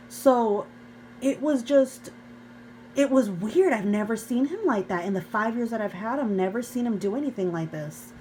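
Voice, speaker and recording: A woman's voice: fairly high pitch, normal speed, a little mellow, a little hiss or hum, rough recording. A young woman vlogger earnestly telling an emotional personal story to her viewers, often calling them "you guys". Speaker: faith vlogger.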